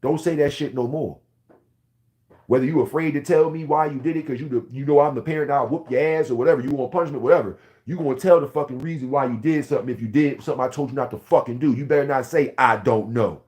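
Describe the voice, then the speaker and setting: This is a man in his forties from Philadelphia ranting to his viewers. He swears freely and rambles through heated, comic tangents. His voice sits at an ordinary middle pitch. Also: quick pace. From Philadelphia, USA. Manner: loud, profane, heated, rambling storyteller. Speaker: vlogger. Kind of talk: profane comedic rant to camera.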